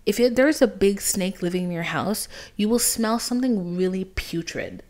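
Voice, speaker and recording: A woman's voice: mid-range voice, normal speed, darkish tone. A young woman hosting a podcast, telling a personal story in a casual, dramatic monologue, swearing freely and dropping into whispers for emphasis. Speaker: podcast host.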